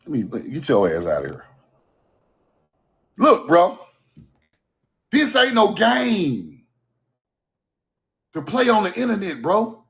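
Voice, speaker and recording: Fired-up high-voiced man ranting. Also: huge pitch swings, moderate pace, long pauses. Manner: loud, fired-up, repeats "bro", swears, laughs between points. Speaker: livestream host. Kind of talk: heated livestream rant. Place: at home.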